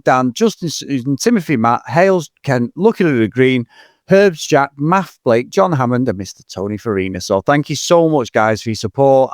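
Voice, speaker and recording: A man's voice: medium pitch, no room sound. Chatty male podcast co-host, dry sound. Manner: chatty, reads sign-off plugs briskly. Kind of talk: casual film-podcast chat.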